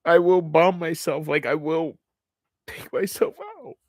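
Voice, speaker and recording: A man speaking in an unscripted confessional monologue to his viewers, halting and heavy, often restarting and trailing off. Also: a little high, no room sound, clean studio sound. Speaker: channel host.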